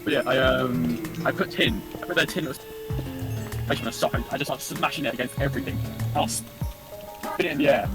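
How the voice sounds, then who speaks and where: A young man in casual chat, rambling and stumbling over words with deadpan dark jokes. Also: mid-range voice, brisk, pauses often. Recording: music playing behind.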